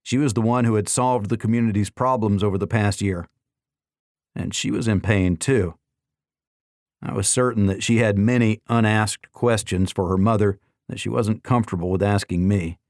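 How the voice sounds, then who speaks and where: A man narrating an audiobook in a steady, even reading. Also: on the low side, moderate pace, no echo, studio quality.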